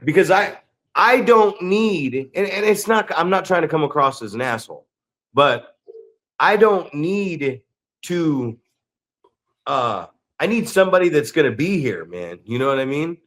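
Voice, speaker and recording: Man, podcast co-host, fairly high voice, rambling, crude jokes, casual storytelling. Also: lively intonation, measured pace, a bit bright. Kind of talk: casual chat.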